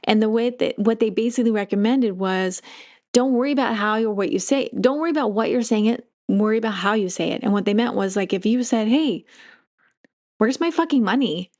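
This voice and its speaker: A woman hosting a casual spiritual podcast monologue. She talks in a chatty, meandering way, laughs often, and gets animated as she retells stories. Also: on the high side, quick pace. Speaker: podcast host.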